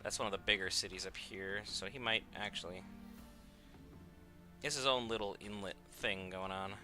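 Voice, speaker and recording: A man's voice: low voice, moderate pace, bright, forceful tone, soft background music. A man streaming a game, chatting casually and wryly to his chat as he plays. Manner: chatty, wry, talks to chat. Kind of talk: casual gameplay commentary.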